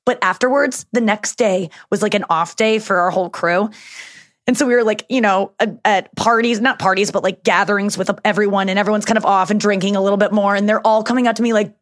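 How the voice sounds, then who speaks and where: A woman's voice: mid-range voice, steady tone, fast, no room sound, clean studio sound. Candid rambling woman telling stories. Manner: rambling, candid storytelling with frequent "like" and swearing. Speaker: guest, show host. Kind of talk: casual podcast chat.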